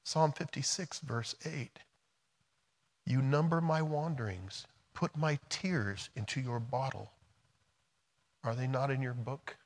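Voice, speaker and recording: Man preaching a sermon, soft to emphatic. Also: mid-range voice, takes it slowly, pauses often. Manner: swings from soft and quiet to loud and emphatic. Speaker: pastor.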